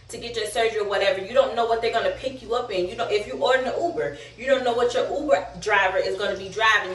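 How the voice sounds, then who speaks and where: A young woman tells her story in a candid, chatty vlog, slangy and a little out of breath. Her voice sits fairly high. She sounds set back from the mic in an echoey room. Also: far from the mic. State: slightly out of breath. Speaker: vlogger.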